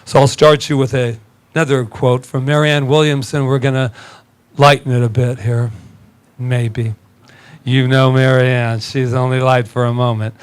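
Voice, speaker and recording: A male minister giving an animated, conversational sermon in a church, laughing often and rising in pitch as he gets excited. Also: normal speed, smooth. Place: church sanctuary.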